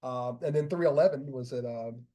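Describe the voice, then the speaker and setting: A man's voice: medium pitch, moderate pace, dark tone. A man hosting a casual porch chat, telling concert stories in a laid-back way and laughing often. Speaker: podcast host.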